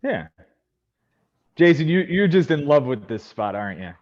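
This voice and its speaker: A man's voice: on the high side, sing-song, moderate pace, a little mellow, dull audio. A man hosting a podcast, chatting casually and announcing picks with rising emphasis. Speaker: podcast host running a fantasy baseball draft. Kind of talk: casual chat.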